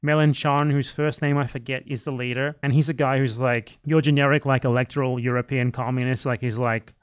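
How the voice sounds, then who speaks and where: A man's voice: mid-range voice, fairly even intonation, brisk, hardly any pauses, no room sound. A man giving a casual, rambling livestream rant, sarcastic and profane. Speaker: livestream commentator.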